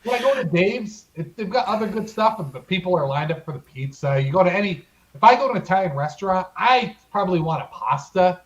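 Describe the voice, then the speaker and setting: A man co-hosting a podcast in casual chat, getting excited as he talks about food and dwelling on his exclamations. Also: sits high, poor audio. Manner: excitable, relishing food talk with drawn-out exclamations. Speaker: podcast co-host.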